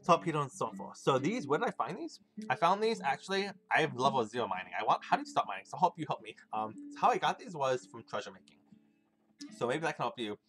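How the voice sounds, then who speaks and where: A man's voice: medium pitch, sing-song, quick pace, fairly bright tone. A man streaming a video game, chatting casually with viewers in a rambling, swearing way. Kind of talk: casual gaming stream chat. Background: game music.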